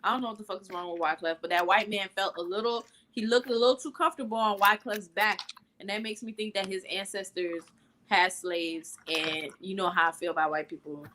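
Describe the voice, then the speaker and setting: A woman's voice: medium pitch, steady tone, a little fast, sharp tone, slight background noise. A woman co-hosting a casual talk show, speaking bluntly and rambling, with lots of filler words. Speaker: podcast co-host. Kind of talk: casual chat.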